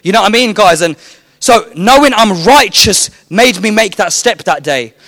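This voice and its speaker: A man's voice: high voice, expressive, normal speed, creaky, fairly bright tone, no room sound. Fervent man giving testimony. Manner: fervent, rambling, many fillers. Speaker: street evangelist. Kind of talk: personal testimony to viewers.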